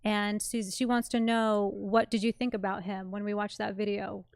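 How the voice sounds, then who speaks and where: A woman co-hosts a live stream and reads out viewer questions. Her voice is smooth and clear, at a middle pitch. She sounds dry and close, upbeat and a little teasing. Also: level tone, moderate pace, dry recording. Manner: upbeat, teasing, reads super chats aloud. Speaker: co-host reading viewer questions. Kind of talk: live Q&A hosting.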